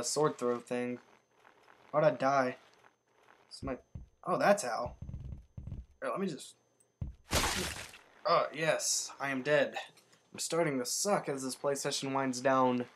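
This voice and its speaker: A man giving casual, excitable commentary while playing a video game, jumping up in pitch whenever he survives. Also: a little slow, pauses often, slight background noise. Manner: excitable, yelps upward when surviving. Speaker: let's play gamer.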